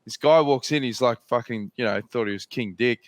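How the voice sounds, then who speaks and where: A man's voice: medium pitch, a little fast, no echo. An Australian man hosting a podcast, telling long, rambling stories in casual chat and swearing freely. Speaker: podcast host.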